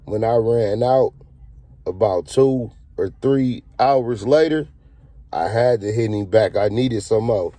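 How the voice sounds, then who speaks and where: A man's voice: on the low side, takes it slowly, mellow, dry recording. A man telling a casual story in a slangy, profane, laid-back way.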